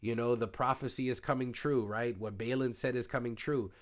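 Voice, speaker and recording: A man's voice: medium pitch, fairly even intonation, brisk. Man rambling through a casual spoiler review. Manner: loose, rambling retelling with many fillers. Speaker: TV show reviewer.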